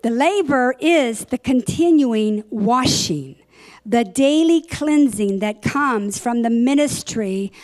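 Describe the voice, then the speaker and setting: A woman teaching a church Bible lesson, reading verses and explaining them in a deliberate way, sometimes correcting herself. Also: fairly high pitch, darkish tone.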